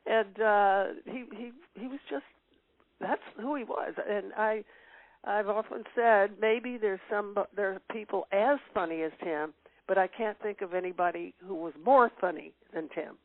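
A woman's voice: mid-range voice, unhurried, no room sound. An older woman chats as an interview guest, reminiscing at length with plenty of "uh"s and easy laughter. Her voice comes through a tinny, phone-like line, dry and close, with no room sound. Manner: reminiscing, warm laughs, many fillers. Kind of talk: casual interview chat.

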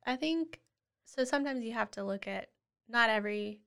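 A woman guest on a podcast, earnestly explaining how she supports children, often acting out gentle words to a child. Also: on the high side, moderate pace, vocal fry, clean tone. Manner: earnest, acts out gentle parent dialogue. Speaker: guest, family therapist. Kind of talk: casual interview chat.

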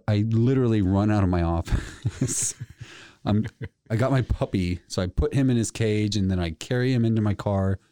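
A man telling a story in casual chat on a podcast, animated and laughing often. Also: lowish voice, no echo, clean studio sound. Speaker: podcast co-host.

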